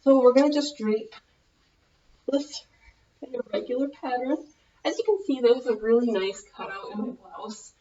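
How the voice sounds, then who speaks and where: A woman's voice: on the high side, normal speed, long pauses, warm tone, muffled recording. A woman with a Minnesotan American accent, chatting casually through a clothing tutorial, rambling and correcting herself as she goes. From United States. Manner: rambling, loses her thread, self-correcting. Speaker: vlogger.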